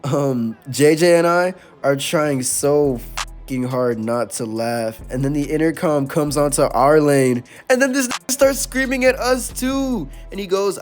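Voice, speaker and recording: A young man hosting a storytime channel, telling a story in casual, slangy speech with laughs and animated asides. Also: a little high, a little slow, soft background music. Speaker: storytime host.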